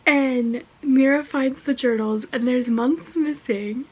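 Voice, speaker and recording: A young woman vlogging casually about her reading, gushing and excited, sometimes dropping to a whisper. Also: high-pitched, slow, few pauses, a little hiss or hum, poor audio. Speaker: book vlogger. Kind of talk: casual reading vlog chat.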